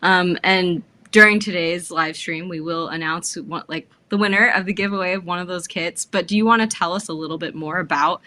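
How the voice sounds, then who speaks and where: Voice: mid-range voice, a little fast, hardly any pauses, pushed and bright. A host opening a live stream interview with an upbeat, encouraging manner.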